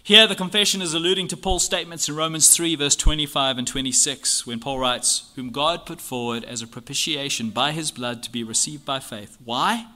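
A bright, forceful male voice leading an expository Bible lesson. He reads passages aloud and drives each point home with a string of earnest rhetorical questions. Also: fairly high pitch, a little fast, few pauses. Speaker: Bible teacher. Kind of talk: expository teaching on a church confession.

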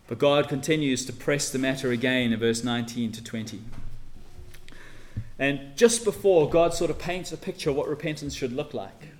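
A man preaching a sermon and reading scripture, earnest, swelling loud on key phrases and dropping soft for emphasis. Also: medium pitch, normal speed, slight background noise.

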